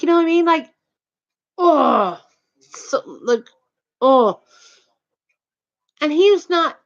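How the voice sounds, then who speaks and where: A woman's voice: on the high side, sharp tone. A woman casually retelling a heated personal anecdote, rambling and repeating herself. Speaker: storyteller. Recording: dull lo-fi recording.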